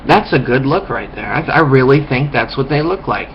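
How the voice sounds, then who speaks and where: A man's voice: mid-range voice, expressive, normal speed, few pauses. A man in a rambling, contemptuous rant to camera, full of restarts and swearing. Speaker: vlogger. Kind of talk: ranting monologue. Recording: dull lo-fi recording with faint hiss.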